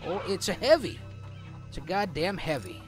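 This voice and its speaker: A man's voice: sits high, sing-song, moderate pace, soft background music. A man commenting on his own gameplay in a chatty, joking way, laughing often. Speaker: let's play host.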